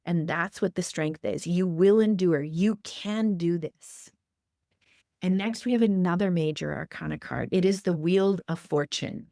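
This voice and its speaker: A woman's voice: lowish voice, measured pace, gravelly, mellow, no room sound, clean studio sound. A woman hosting a tarot forecast podcast, talking through the cards with repeated encouraging affirmations. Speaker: tarot reader and podcast host.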